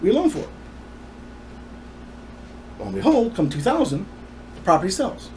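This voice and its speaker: A man ranting through a personal story with rapid asides. His voice is animated and swings widely in pitch, with a faint hiss of noise under it. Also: low-quality recording.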